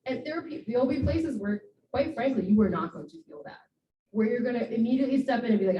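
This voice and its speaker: A woman's voice: on the high side, lively intonation, quick pace, lo-fi sound, slight background noise. Earnest woman speaker, distant roomy sound. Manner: earnest, encouraging, frequent fillers. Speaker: guest speaker. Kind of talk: informal talk to students. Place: event room.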